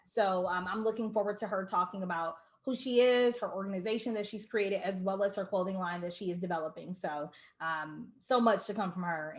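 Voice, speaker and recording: A woman's voice: medium pitch, fairly bright tone, echoey room. A woman hosting an online launch party over a video call, effusive and emotional, greeting viewers by name.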